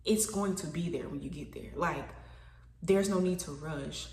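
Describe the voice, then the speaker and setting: A woman's voice: low-pitched, measured pace, darkish tone, reverberant, recorded from a distance. A woman vlogging to camera in a casual, rambling monologue, thinking aloud and questioning herself. She is self-conscious, stumbling and repeating words as she goes.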